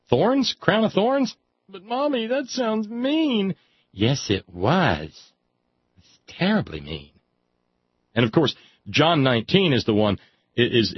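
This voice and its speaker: A man's voice: lowish voice, slightly rough, no echo. A man reading aloud in a sardonic comic style, with wry, mock-solemn asides. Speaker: comic reader. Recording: dry, slightly dull lo-fi sound.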